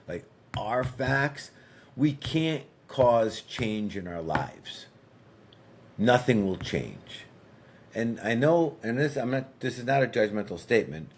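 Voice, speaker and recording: A man, a podcast guest and fitness coach, telling a story in a relaxed, conversational way and acting out dialogue as he goes. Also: on the low side. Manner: frequent fillers and restarts.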